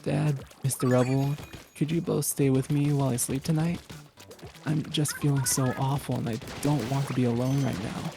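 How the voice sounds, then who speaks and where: A man voicing an injured teenage caveman son who speaks in a weary, quiet voice. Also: medium pitch, steady tone, normal speed, creaky, music in the background, natural voice.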